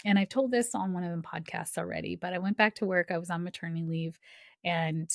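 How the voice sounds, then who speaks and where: A woman's voice: lowish voice, brisk, creaky, no echo, studio quality. A woman hosting a podcast, telling a personal story in a chatty, filler-heavy way, often laughing and acting out the voices of people she quotes. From Canada. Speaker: podcast host.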